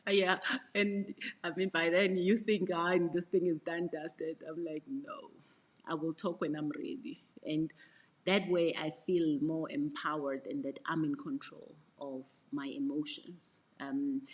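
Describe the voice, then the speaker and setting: A middle-aged woman mentorship coach, giving a frank, reflective motivational talk with repeated words and soft asides. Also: low-pitched, slightly rough.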